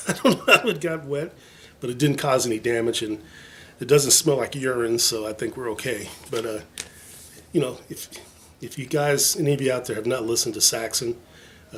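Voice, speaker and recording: A vinyl collector vlogger shows his viewers records from his collection in a casual show-and-tell chat, rambling, joking at his own expense, and using plenty of fillers. His mid-range voice has a fairly bright tone, with slight background noise.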